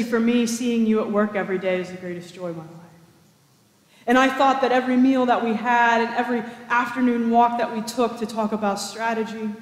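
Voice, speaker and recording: A man voicing a gentle, generous aging father who talks softly and pleads, heard in an echoey cathedral. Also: extremely high pitch. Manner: warm, pleading, soft-spoken.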